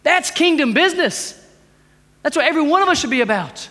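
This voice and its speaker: A man preaching a sermon, asking rhetorical questions and swinging between loud urging and hushed intensity. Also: very high voice, animated, fairly quick, in a large hall.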